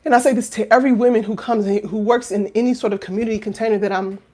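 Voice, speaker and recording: A woman in her thirties, a coach, talking casually and heartfelt to camera, drifting from hushed reflection to loud exclaiming, with many fillers and rhetorical questions. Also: fairly high pitch, fairly even intonation, rapid-fire. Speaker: life coach and finishing school founder.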